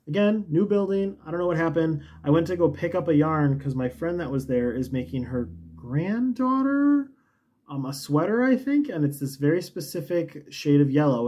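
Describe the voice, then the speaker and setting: A man with a fairly high but mellow voice chats casually as a knitting host. He rambles and pokes fun at himself, sometimes drifting away from the mic as he talks. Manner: chatty, self-mocking, rambling asides. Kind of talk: casual chat.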